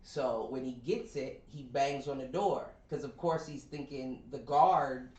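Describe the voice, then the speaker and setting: A man's voice: medium pitch, a little slow, roomy sound, dull audio. A man co-hosting a podcast, telling a story in casual chat and acting out the people in it. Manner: animated retelling, acts out quoted voices. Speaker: podcast co-host.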